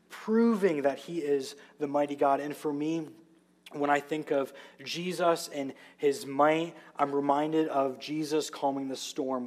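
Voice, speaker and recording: A man preaching a sermon, telling the story with emphatic, vivid asides. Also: a little high. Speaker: pastor.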